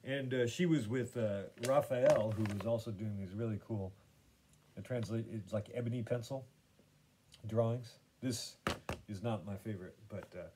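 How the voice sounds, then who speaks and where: A man's voice: lowish voice, moderate pace, background noise. A man hosting his own podcast, chatting casually about painting and gallery visits in a meandering way, full of fillers and restarts. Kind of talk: casual rambling chat.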